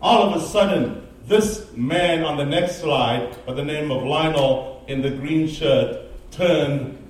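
High-voiced preacher in an echoing hall. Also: male voice, slow pace. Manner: animated storytelling preacher, rising to emphatic peaks. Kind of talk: sermon storytelling. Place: church sanctuary. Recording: very echoey, distant mic in a large room.

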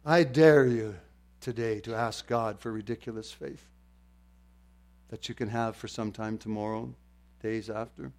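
An older man preaching a sermon, moving from quiet storytelling to loud, fervent exclamations. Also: lowish voice, fairly even intonation, measured pace, long pauses. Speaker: pastor.

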